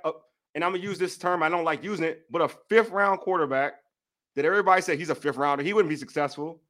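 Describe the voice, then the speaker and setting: A man's voice: high voice, fairly bright tone. A young man with a DC-area accent, co-hosting a sports show, venting heatedly and repeating himself for emphasis. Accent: DC-area American English. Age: young adult. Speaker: sports podcast co-host. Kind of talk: heated casual sports talk.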